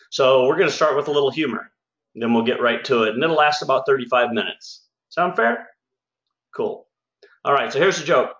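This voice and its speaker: A man who owns a home services business hosts a casual sales webinar, upbeat, folksy, and chatty. His voice is mid-range and a bit bright. The room is echoey and the sound slightly dull.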